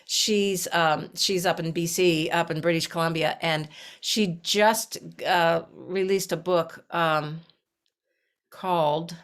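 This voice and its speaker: A woman's voice: on the low side, takes it slowly. Middle-aged woman telling a story in an interview, voice jumping up and down, acts out the people she meets. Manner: animated, acts out voices in her story, many restarts. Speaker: herbalist guest.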